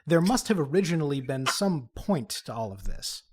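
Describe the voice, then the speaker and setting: A man's voice: a little high, very animated, moderate pace, husky. A man playing a tabletop game, speaking in character with formal, lofty phrasing and small stumbles. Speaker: player. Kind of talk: in-character tabletop role-play.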